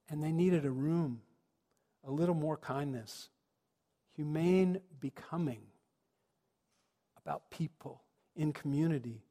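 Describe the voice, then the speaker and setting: A man's voice: on the high side, takes it slowly, long pauses, mellow. A man, a minister, giving a sermon with reflective storytelling that rises to earnest emphasis. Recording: long reverb of a large hall.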